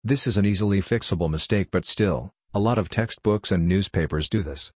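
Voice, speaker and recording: A man giving a scripted, measured explanation as a language explainer. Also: sits low, breathy edge, no echo, clean studio sound. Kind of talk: scripted narration.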